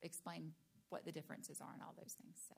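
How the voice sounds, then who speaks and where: Woman administrator with a low, gravelly voice, walking a board through procedures. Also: flat delivery, quick pace, a little hiss or hum. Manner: explanatory, uses hypothetical examples. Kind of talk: explaining procedures at a board meeting.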